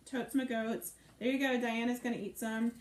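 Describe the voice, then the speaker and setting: A woman's voice: on the high side, little pitch movement, moderate pace. A woman hosting a live cooking stream, chatting playfully and reading out viewer comments as she cooks. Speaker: cooking show host. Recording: echoey room with faint noise.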